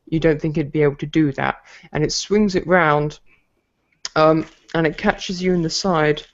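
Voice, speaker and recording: A man narrating a tabletop game as game master, often halting and restarting as he describes the combat. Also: on the high side, steady tone. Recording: lo-fi mic with faint noise.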